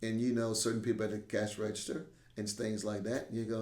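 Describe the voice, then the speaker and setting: A man with a fairly low voice tells a story as a podcast guest, repeating phrases and checking in with his listener with "right?". He slips into other people's lines as he goes. The room around him is echoey. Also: flat delivery, quick pace, darkish tone. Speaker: podcast guest, martial arts instructor. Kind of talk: conversational storytelling.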